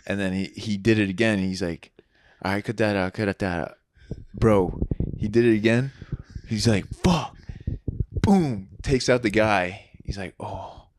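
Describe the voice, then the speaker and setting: A man's voice: fairly low pitch, normal speed, few pauses, no room sound. A man co-hosting a podcast in casual chat, telling laid-back stories and swearing freely. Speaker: podcast co-host.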